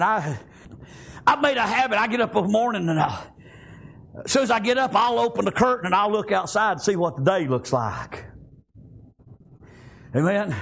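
An older man preaching a fervent sermon, halting with many fillers and constant "amen" and "praise God". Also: high voice, gravelly, a bit bright, breathy edge.

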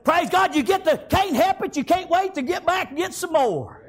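A man preaching a fervent revival sermon, often shouting and punctuating with "amen" and "praise God". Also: very high-pitched, animated, moderate pace.

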